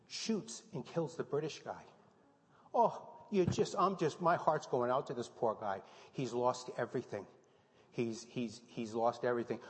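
A pastor giving a sermon, telling a story with lively, halting restarts. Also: male voice, medium pitch. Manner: animated storytelling with many restarts. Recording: long hall reverb.

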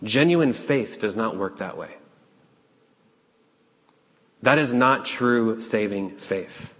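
A man preaching a sermon, urgent and questioning, with dramatic pauses. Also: on the low side, animated, a bit bright. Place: church sanctuary. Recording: long hall reverb.

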